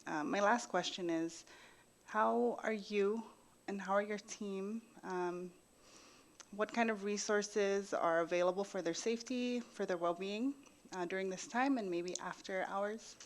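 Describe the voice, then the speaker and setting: A woman's voice: medium pitch, unhurried. Courteous woman legislator asking a question.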